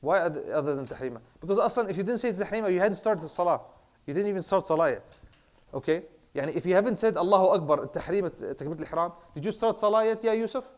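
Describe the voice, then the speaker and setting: A man's voice: sits high, quick pace. Man casually teaching Islamic law. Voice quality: clears throat, says he has a bad throat. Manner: relaxed, mixes Arabic terms into English, many fillers and repeats. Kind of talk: casual classroom lecture.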